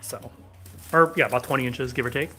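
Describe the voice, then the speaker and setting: Here a man with a mid-range voice speaks a little quickly. He's hosting a back-room sword shop livestream, keeping it casual and discursive while answering questions posted in chat.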